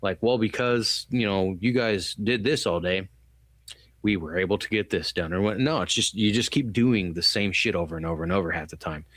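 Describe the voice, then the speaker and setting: Low-voiced man rambling about a film. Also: normal speed, fairly bright tone, dry recording. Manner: rambling, loose and profane, acts out quotes. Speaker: podcast co-host. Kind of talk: casual movie review chat.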